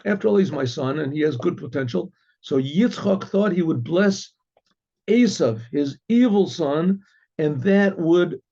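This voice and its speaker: A rabbi explaining a Torah text to listeners in an earnest, step-by-step way, often repeating and restarting words and dropping to a murmur for asides. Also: male voice, a little high, dark tone, husky. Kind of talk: Torah lesson with Hebrew and Aramaic terms. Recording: dull lo-fi recording.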